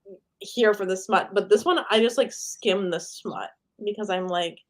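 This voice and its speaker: A young woman co-hosting a book club, talking in a relaxed, agreeable and slangy way. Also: mid-range voice, normal speed. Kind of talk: casual book chat.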